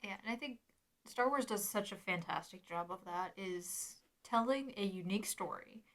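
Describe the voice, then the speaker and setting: A woman's voice: medium pitch, normal speed, a bit bright. A woman co-hosting a podcast, chatting casually, agreeing readily and speaking fondly. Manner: agreeable, affectionate, chiming in. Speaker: podcast co-host. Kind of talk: casual chat about a TV show.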